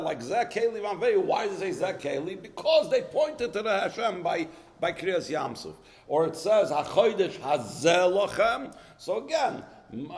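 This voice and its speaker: Gravelly man teaching a Torah text. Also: high voice, big-room sound. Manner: reads Hebrew source lines and explains them in English; poses rhetorical questions, with frequent restarts. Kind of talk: lecture on a Hasidic text.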